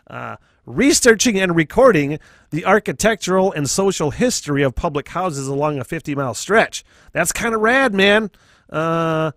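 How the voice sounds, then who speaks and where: A young man hosts a podcast in a casual, rambling monologue, swearing freely and chuckling at his own jokes. His voice sits a little on the high side. The recording is dry and close, with no room sound. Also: fairly bright tone, no echo. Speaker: podcast host.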